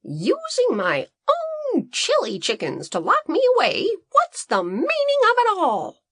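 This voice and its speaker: A woman's voice: wildly swooping pitch, a little slow, a bit bright, dry recording, studio quality, full character voice. A woman voicing an eccentric male farmer-inventor who complains indignantly, in a storybook reading. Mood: outraged. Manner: indignant, shrill.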